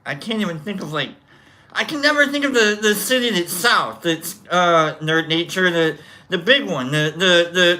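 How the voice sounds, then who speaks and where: A show host telling a long, rambling story in a casual way and acting out scenes with shouts. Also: mid-range voice.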